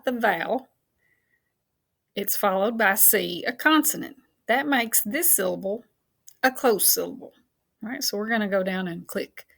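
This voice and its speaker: A woman's voice: mid-range voice, creaky, fairly bright tone. Upbeat teacher woman. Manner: patient, encouraging, spells and counts slowly; self-deprecating, laughs at own slips. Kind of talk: recorded phonics lesson for children.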